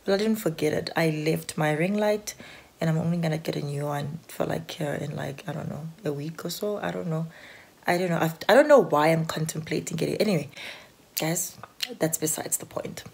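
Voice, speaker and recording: A South African woman talks to her handheld phone at home in a rambling, anxious way, filling her speech with "like." Her voice sits low and has a gravelly edge. It sounds husky throughout. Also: a little fast, a little mellow. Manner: rambling, anxious, full of "like" fillers. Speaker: vlogger. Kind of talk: casual chat to camera.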